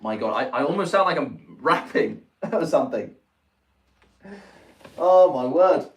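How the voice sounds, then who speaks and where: A man hosting a casual livestream who reacts excitedly to viewers' messages and pictures, laughing often and exclaiming. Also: fairly high pitch, unhurried, highs cut off. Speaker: livestream host. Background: faint music.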